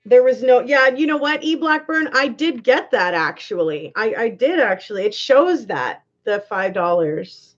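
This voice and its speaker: A woman's voice: a little high, very animated, normal speed, hardly any pauses, muffled recording. A woman hosting a live stream, chatting casually, giggling and reading viewers' comments aloud.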